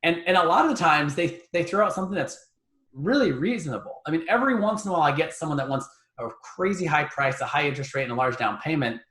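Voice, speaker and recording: A man's voice: fairly high pitch, expressive, fast talker, fairly bright tone, roomy sound. A man guest on a podcast interview, talking through ideas conversationally and often repeating words as he thinks. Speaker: guest, real estate investor.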